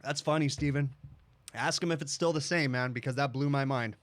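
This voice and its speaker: A man's voice: mid-range voice, brisk, a bit bright, no room sound. A man hosting a casual livestream, telling a long story in a rambling way and often checking in with "okay?". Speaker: livestream host, HVAC technician.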